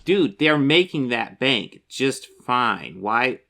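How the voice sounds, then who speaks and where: A young man talks through a reaction video with a bright, forceful voice. He sounds exasperated and sarcastic, and he swears casually as he rebuts the clip. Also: mid-range voice, sing-song, slow, creaky. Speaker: commentary host. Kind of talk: reaction commentary.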